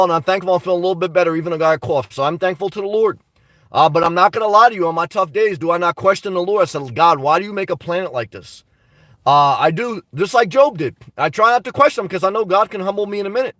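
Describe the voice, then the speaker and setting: A man with a high voice rambles through a casual livestream, answering viewer chat with blunt, profane asides. He sits back from the mic, and the sound is dry with no room echo. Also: a bit bright, distant mic. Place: home in New Jersey.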